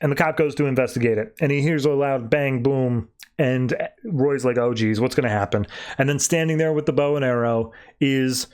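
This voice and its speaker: A young man hosting a podcast, casually recapping and reviewing a comic issue, acting out the characters' lines with big jumps in his voice. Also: moderate pace. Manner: animated retelling, acting out quoted lines with pitch jumps.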